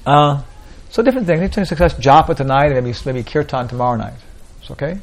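A man's voice: fairly high pitch, a little fast. A man teaching a small group in an informal spiritual talk, rambling and repeating "like that, you know" often.

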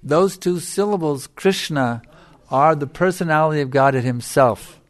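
A man's voice: fairly high pitch, moderate pace. A middle-aged man giving a devotional lecture as a spiritual teacher, emphatic and repeating his phrases for stress.

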